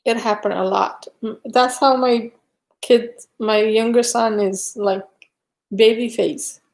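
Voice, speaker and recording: A woman's voice: fairly high pitch, fairly even intonation, slow pace, a little mellow. A middle-aged woman hosting a casual live stream, chatting with viewers and telling stories with frequent laughter. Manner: chatty storyteller, laughs often.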